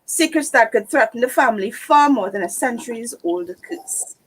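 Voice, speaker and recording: A woman reading a book blurb aloud for a book club, steady and correcting her slips. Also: a little high, moderate pace, creaky, slightly rough, poor audio. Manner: reads steadily, fixes slips.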